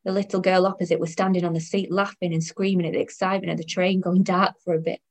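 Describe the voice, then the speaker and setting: A woman's voice: lowish voice, flat delivery, fast. A woman in her thirties narrating her own story in the first person, in a wry, weary tone. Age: 30s.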